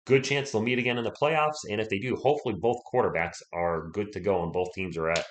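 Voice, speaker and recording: Speaking fast in a voice on the low side, a man hosts a sports livestream. He chats and rambles casually, greets viewers by name, and sounds like his voice is still recovering from being sick.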